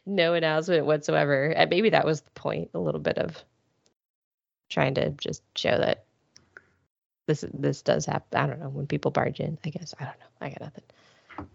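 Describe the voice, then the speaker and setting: A woman's voice: low voice, steady tone, moderate pace, vocal fry, pauses often, dry recording, lo-fi sound. A woman co-hosting a podcast, talking casually in a drily understated way. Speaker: podcast co-host. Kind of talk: casual chat.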